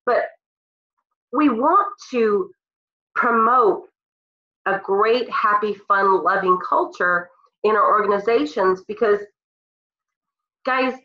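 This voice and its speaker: A woman's voice: mid-range voice, slow pace, long pauses. Earnest woman with a cold on a call. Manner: earnest and emotional. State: congested from a cold. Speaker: team leader speaking on a call. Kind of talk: motivational team call. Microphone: phone or computer on a call. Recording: roomy, dull lo-fi call audio.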